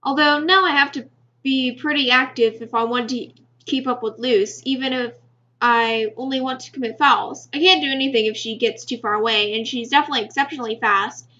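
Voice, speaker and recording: A woman reading a visual novel aloud in first-person narration, steady with small stumbles. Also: on the high side, brisk. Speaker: game reader. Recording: slightly muffled with faint music.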